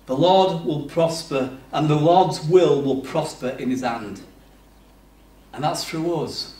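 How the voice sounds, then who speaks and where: A man preaching a sermon in a conversational manner, swinging between loud bursts and hushed passages. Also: a little high, slow pace, far from the mic. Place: church hall. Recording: roomy, off-mic church recording.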